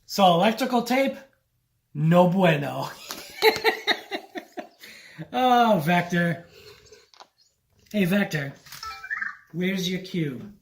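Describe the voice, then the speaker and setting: A man's voice: sits high, slight background noise. A man vlogging at a home countertop, coaxing and chatting to a little robot as if it were a pet. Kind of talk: casual vlog, talking to a toy robot.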